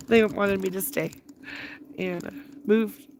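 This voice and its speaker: Slow, gravelly middle-aged woman by a campfire. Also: mid-range voice, fairly even intonation, noisy background. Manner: rambling, laughs often mid-sentence. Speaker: livestreamer. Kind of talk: casual storytelling. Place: outdoors at a campfire at night. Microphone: phone live stream.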